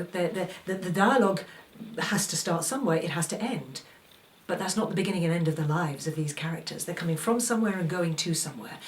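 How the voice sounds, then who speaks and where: A woman's voice: on the low side, far from the mic. A woman acting teacher giving an instructional talk to aspiring actors, coaching with strings of rhetorical questions.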